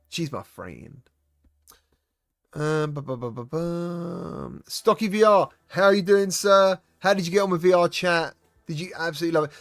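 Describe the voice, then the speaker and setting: A man's voice: medium pitch, no room sound. A British man live-streaming about VR gaming, chatting casually and greeting viewers by name, with lots of fillers and restarts.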